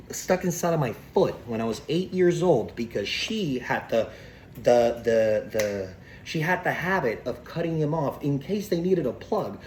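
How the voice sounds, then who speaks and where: A man's voice: on the high side, a little mellow, slight background noise. A man telling a rambling, profane story to camera, laughing between lines. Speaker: vlogger. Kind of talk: casual storytelling vlog.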